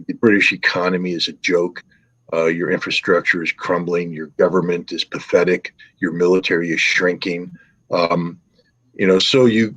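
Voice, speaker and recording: A middle-aged man with a very low, husky voice and a dry, close sound. He speaks with scorn and heavy sarcasm, hammering the same phrases again and again. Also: a bit bright, no echo, low-quality recording. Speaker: guest commentator. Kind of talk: scornful political commentary.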